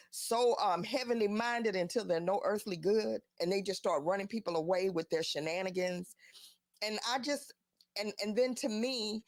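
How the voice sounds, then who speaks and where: A woman hosting her own live show, talking in a middle-pitched voice. She riffs casually and animatedly, piling up incredulous rhetorical questions. The sound is dry and close, with no room around it. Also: dry recording. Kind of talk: casual commentary.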